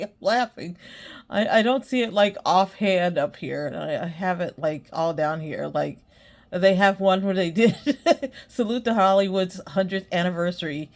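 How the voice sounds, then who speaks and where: A woman's voice: on the low side, moderate pace. A woman hosting her own podcast, chatting casually and rambling, often breaking into giggles. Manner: rambling, many fillers. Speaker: podcast host. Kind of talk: casual solo chat.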